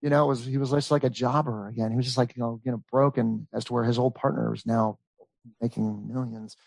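A man in his thirties telling a long family story in casual chat, rambling and animated, with many fillers. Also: mid-range voice, fast, vocal fry, no room sound. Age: 30s. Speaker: storyteller guest.

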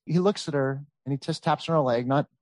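A man in his thirties telling a long family story in casual chat, rambling and animated, with many fillers. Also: a little high, fast talker, dry recording. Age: 30s. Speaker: storyteller guest.

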